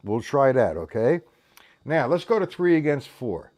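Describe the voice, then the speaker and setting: A man's voice: mid-range voice, sing-song, a little slow, darkish tone. A man giving a casual drum lesson. He counts beats aloud and talks in loose, restarting sentences, dropping in "man" here and there. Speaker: drum teacher.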